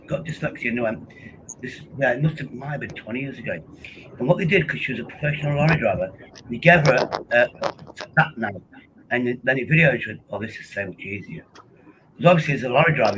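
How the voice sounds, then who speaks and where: A man's voice: mid-range voice, background noise. A drunk man with an East Midlands accent rambling through a casual vlog chat. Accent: East Midlands English. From Derbyshire, England. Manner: rambling, slurred, repeats himself. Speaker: vlogger.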